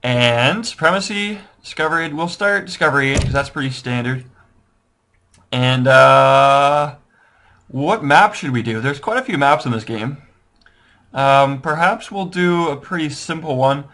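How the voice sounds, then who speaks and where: Expressive and a little slow, this man's mid-range voice sounds pushed and bright. As a gaming tutorial host, he casually takes viewers through a strategy game, rambling, rethinking his picks, and making fun of himself.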